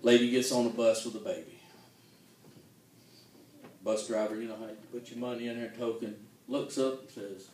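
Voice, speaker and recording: A man's voice: medium pitch, fairly even intonation, moderate pace, long pauses, darkish tone, a little hiss or hum. A man telling folksy jokes in a stand-up style, laughing at his own punchlines. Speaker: comedian. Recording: echoey room, distant mic.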